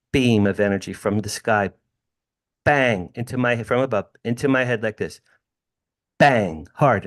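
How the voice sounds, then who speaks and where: Speaking over a video call from a room in his home that has drums, a New Jersey man in his sixties tells a story as a podcast guest. His mid-range voice is animated and emphatic, and he calls the host by name throughout the interview.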